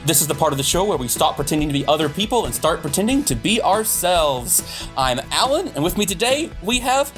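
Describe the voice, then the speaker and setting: A man's voice: fairly high pitch, brisk, faint music behind. A man hosting a tabletop game podcast, chatting casually and rambling with lots of fillers. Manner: rambling, filler-heavy, animated. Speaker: podcast host.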